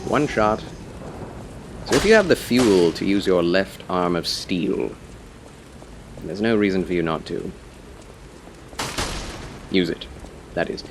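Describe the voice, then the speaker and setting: A man streaming a game live, chatting casually and politely with his viewers, with quick laughs and muttered asides. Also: low voice, lively intonation, background noise. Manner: chatty, answers chat, playful and polite.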